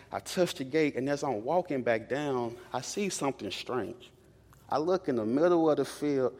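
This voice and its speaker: A young man delivers a sermon in a loose, conversational storytelling voice, often repeating key lines for emphasis. His pitch sits in the middle of the usual range for men. The sound rings out with the long reverb of a large church hall. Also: a little mellow. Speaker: preacher.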